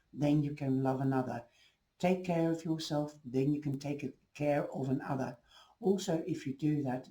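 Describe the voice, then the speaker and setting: A man's voice: on the high side, mellow, poor audio. A man giving a casual, rambling tarot reading to camera, losing his voice. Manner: rambling, reassuring, restarts often. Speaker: tarot reader.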